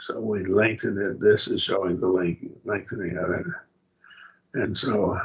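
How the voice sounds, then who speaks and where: A man teaching a Greek grammar lesson in a church class, halting and restarting often as he explains. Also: low-pitched, fairly even intonation, lo-fi sound. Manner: halting, with many fillers and restarts.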